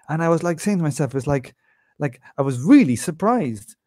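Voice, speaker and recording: A man's voice: medium pitch, darkish tone, no room sound, clean studio sound. Profane Irish man telling stories. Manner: profane anecdotal storyteller. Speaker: podcast co-host. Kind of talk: casual chat.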